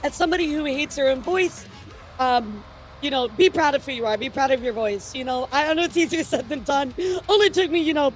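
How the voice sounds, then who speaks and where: A woman streamer chatting casually through the news with her viewers, rambling and excitable, often stammering and swearing. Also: high-pitched, brisk, soft background music.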